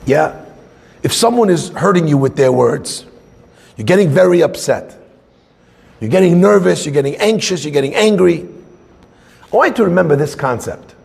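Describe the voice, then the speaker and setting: A man teaching a Torah class as a rabbi, conversational and animated, acting out little scenes. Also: on the high side, normal speed, creaky, pauses often, slightly rough, in a large hall.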